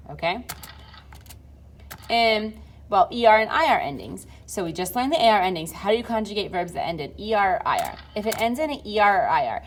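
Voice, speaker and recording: A woman's voice: mid-range voice, slight background noise. A young adult woman teaching a recorded Spanish lesson, patiently drilling conjugations aloud.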